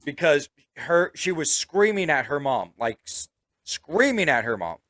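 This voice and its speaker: A man's voice: on the high side, measured pace, no room sound. A man in casual chat, a father telling crude stories full of swearing. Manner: crude, animated storyteller. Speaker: podcast co-host, father.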